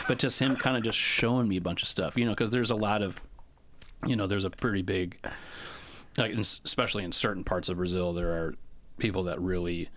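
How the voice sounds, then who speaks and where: Casual male guest, deep-pitched, loose and chuckly storyteller. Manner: rambling, laughing, heavy on fillers. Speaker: guest percussionist.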